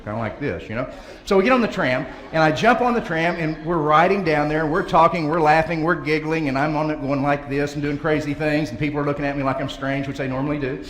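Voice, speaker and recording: A motivational speaker with a fairly high, slightly bright voice talks fast through a humorous banquet speech, telling folksy stories and chuckling often. The recording, made in a large banquet hall, is echoey with faint ambience.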